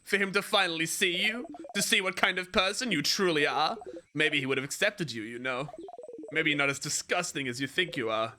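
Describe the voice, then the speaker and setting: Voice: medium pitch, fairly quick, sharp tone, a little hiss or hum, close to an everyday voice. Streamer reading a sneering star spirit. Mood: mocking. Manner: sneering, accusing. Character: taunting star-like spirit, mocking and cruel. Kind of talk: reading game dialogue aloud. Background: game music.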